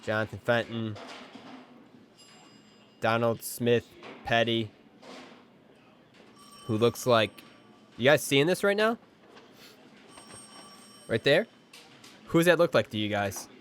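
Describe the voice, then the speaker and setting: A man livestreaming a video game, commenting casually and excitedly, joking and talking to his chat. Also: mid-range voice, slow pace, pauses often, a little hiss or hum. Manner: excitable, jokey, talks to chat. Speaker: game streamer. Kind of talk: casual live gameplay commentary.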